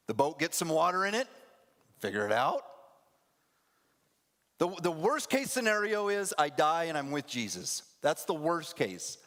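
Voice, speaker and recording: A male pastor preaches with an animated delivery, his voice sitting fairly high and swinging widely in pitch. He acts out scenes in different voices. The sermon rings through a church sanctuary with a long reverb. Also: unhurried, long pauses. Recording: echoey church hall.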